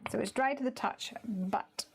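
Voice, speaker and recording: A woman's voice: fairly high pitch, unhurried, slight background noise. Chatty woman hosting a craft livestream. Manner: chatty, thinks aloud, drops to a murmur. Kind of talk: live crafting demo with chat.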